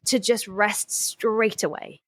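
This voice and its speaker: Woman guest, chatty animated storyteller, mid-pitched voice, dry close-miked sound. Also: slow pace, dry recording. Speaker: podcast guest, runner. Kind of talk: casual chat.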